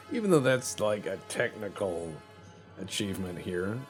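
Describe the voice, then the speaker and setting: A man's voice: fairly low pitch, big pitch swings, a little slow, faint music behind. A man hosting a let's play, rambling in casual, profane, joking gameplay commentary.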